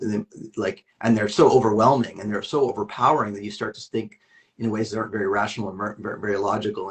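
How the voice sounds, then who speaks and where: A man speaking candidly as an interview guest, earnest and rambling, with many restarts and fillers. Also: on the low side.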